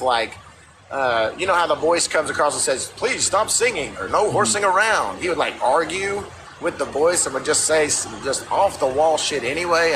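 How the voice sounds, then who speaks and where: Southern man chatting on a noisy livestream. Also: on the high side. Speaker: former reality show contestant. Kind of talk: casual livestream chat. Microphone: phone.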